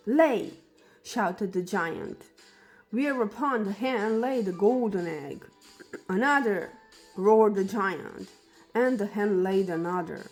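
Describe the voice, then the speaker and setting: A woman reading a fairy tale aloud for children as a storyteller, in a slow and deliberate way. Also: medium pitch, darkish tone.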